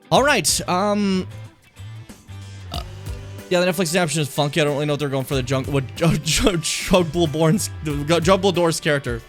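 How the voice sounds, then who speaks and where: A man's voice: on the high side, fairly quick, faint music behind. A young adult man streaming, reacting to his old videos in a rambling, profane, self-mocking way.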